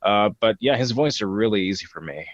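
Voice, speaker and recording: A man's voice: lowish voice, expressive, brisk, lo-fi sound, crowd noise. A young man in his twenties, a guest voice impressionist on a podcast interview, answering hesitantly with many fillers. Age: 20s.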